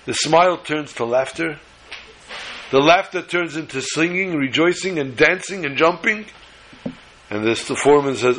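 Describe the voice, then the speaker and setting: A male storyteller with a fairly high, bright and forceful voice and a husky texture. He tells the tale with lively repetition and builds momentum as he goes. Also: moderate pace. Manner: animated, repetitive phrasing. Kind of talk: oral storytelling.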